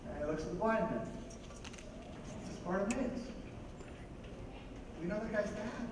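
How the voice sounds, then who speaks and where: High-voiced preacher in an echoing hall. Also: male voice, unhurried. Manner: conversational, animated, asks the audience questions. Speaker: pastor. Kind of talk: sermon. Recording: echoey hall, voice from a distance, background noise.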